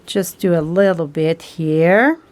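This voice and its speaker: Slow, chatty woman demonstrating a craft. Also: on the low side, darkish tone. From France. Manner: chatty, homespun, non-native grammar with fillers. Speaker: stamping craft instructor. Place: home craft table.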